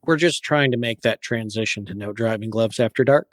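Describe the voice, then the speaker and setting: Car podcast cohost guy, dry deadpan jokes, no room sound. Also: lowish voice, brisk, no room sound. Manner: dry, wry quips. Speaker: podcast co-host. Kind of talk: casual chat.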